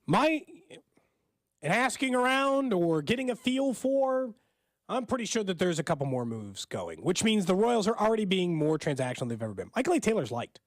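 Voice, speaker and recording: A high-pitched man co-hosting sports radio, his voice jumping around as he gives opinions. Close, dry studio sound. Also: normal speed, dry recording. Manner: opinionated, animated, thinks aloud. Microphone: studio microphone.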